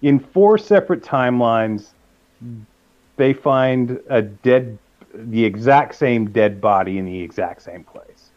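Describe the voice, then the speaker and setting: A man's voice: medium pitch, lively intonation, slow. A man co-hosting a podcast in casual chat, speaking eagerly and emphatically. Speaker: podcast co-host. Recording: dull lo-fi mic.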